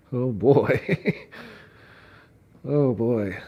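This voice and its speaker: A man's voice: lowish voice, expressive, a little slow, mellow, slightly rough. A man hosting a casual commentary livestream, reading documents aloud with laughing fits, swearing and mocking asides. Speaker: streamer reading court filings.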